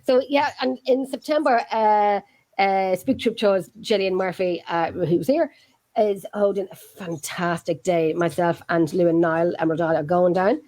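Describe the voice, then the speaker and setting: A woman's voice: on the low side, fairly even intonation, measured pace, dark tone. Chatty Irish woman hosting a show. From Ireland. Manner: chatty, enthusiastic, repeats phrases. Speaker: host. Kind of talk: casual chat show.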